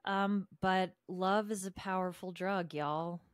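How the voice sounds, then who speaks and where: Female podcast co-host, lower register, lively gossipy recap delivery, dry studio sound. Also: takes it slowly, no echo. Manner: animated, chatty, quotes people in put-on voices. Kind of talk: casual recap chat.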